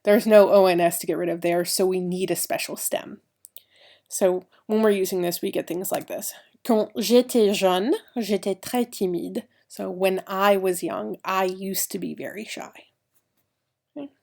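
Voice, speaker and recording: Gravelly-voiced woman teaching French grammar. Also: lowish voice, fairly even intonation, moderate pace, darkish tone. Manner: explains step by step, spells out letters. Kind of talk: recorded grammar lesson.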